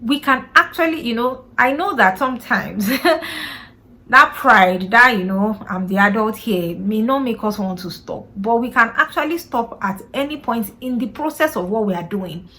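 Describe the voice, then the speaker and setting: A woman's voice: a little high, expressive, unhurried, sharp tone. A woman hosting a parenting podcast, talking casually and earnestly to listeners, often asking herself rhetorical questions and checking in with "you know" and "right?". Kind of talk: casual advice talk to camera.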